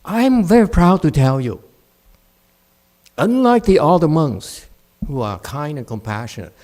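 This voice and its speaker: A man teaching meditation, blunt and scolding, who mocks his students' excuses and swings between loud outbursts and quiet muttering. English is not his first language. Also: on the high side, big pitch swings, unhurried. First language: Chinese. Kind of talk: dharma talk answering students.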